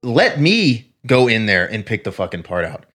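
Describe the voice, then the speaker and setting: Lowish and fairly bright, this man's voice is very animated at a moderate pace. A co-host on a casual podcast, he rambles through stories with plenty of profanity.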